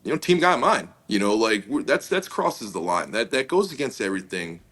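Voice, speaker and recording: Interview guest, male, deep but bright voice, loose storyteller with lots of "you know". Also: sing-song, brisk. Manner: casual, many fillers, acts out quoted dialogue. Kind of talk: conversational storytelling.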